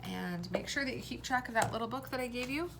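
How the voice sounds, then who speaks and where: A woman teacher giving a recorded phonics lesson for young children, sounding out words slowly and clearly, letter by letter. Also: a little high, background noise.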